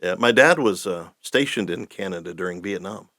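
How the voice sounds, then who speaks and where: A man's voice: deep voice, expressive, normal speed, sharp tone, dry recording, clean studio sound. A man hosting a podcast, chatting casually and cracking jokes. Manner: joking, chuckling, playful. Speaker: podcast host. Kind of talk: casual interview chat.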